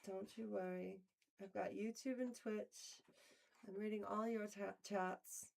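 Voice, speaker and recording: A woman's voice: medium pitch, fairly even intonation, unhurried, vocal fry, a little mellow. A woman hosting a casual livestream, talking playfully and theatrically to her chat, with frequent laughs, mock outrage and sudden whispers. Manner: laughs often between lines. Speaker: livestream host.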